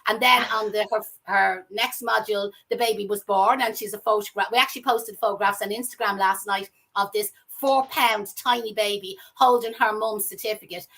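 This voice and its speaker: A woman's voice: mid-range voice, fairly even intonation, moderate pace, vocal fry, hardly any pauses, sharp tone, poor audio. A woman with a strong Dublin accent, a flower school tutor chatting casually and telling stories. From Ireland. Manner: chatty, colloquial, storytelling. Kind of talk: casual chat.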